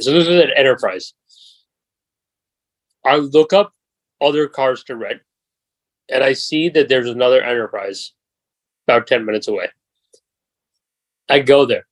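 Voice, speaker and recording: A young man in his twenties spins a long, swearing-laced story as a podcast host, his voice at an ordinary middle pitch. The sound is dry and close, with no room around it. He talks in a loose, animated way. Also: no room sound, low-quality recording. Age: 20s. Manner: profane, animated anecdote telling. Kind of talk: casual storytelling chat.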